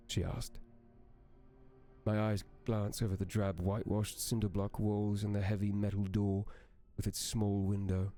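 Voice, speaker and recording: Deep gravelly man reading a horror story. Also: level tone, measured pace, dark tone, soft background music. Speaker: streamer.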